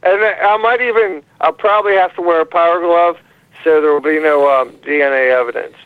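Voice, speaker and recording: Rambling profane caller on a tinny phone. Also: male voice, on the high side, clean tone, dry recording. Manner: rambling, profane, halting with many fillers. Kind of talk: call-in rant. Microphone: phone call.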